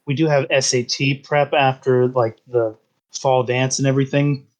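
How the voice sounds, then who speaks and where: A man's voice: medium pitch, flat delivery, moderate pace. A man playing a tabletop game, talking hesitantly and rambling. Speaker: player. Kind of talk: tabletop role-play chat.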